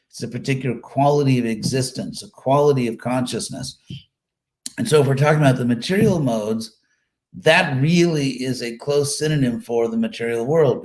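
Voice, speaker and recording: A man giving a live scripture class, explaining words one by one in a relaxed, thinking-aloud way with fillers and repeated phrases. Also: medium pitch. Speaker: Sanskrit scripture teacher.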